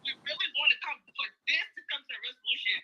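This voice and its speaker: A woman's voice: sits high, animated, quick pace, sharp tone. A woman calling in to a talk show, heated and insistent, heard through a phone. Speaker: caller. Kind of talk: phone call-in. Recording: dull phone line.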